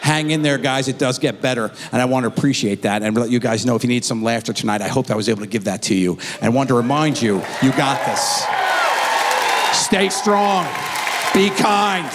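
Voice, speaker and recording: A man performing live stand-up on a theatre stage, telling stories with animated energy and acting out characters. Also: medium pitch, moderate pace, over a noisy crowd, heavy background noise. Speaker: stand-up comedian. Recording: live theatre with long reverb.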